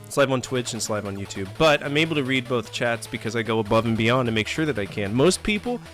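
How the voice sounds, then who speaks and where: With faint game music in the background, a thirtysomething streamer offers live gameplay commentary, joking, complaining sarcastically and chatting with his audience. He talks quickly in an animated, medium-pitched voice with a fairly bright tone.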